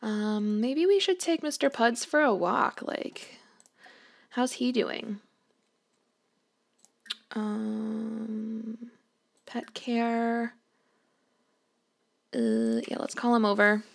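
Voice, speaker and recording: Creaky-voiced young woman narrating gameplay. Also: fairly high pitch, lively intonation, very slow, long pauses. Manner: chatty, talks to game characters fondly. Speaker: let's play host. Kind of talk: gameplay commentary.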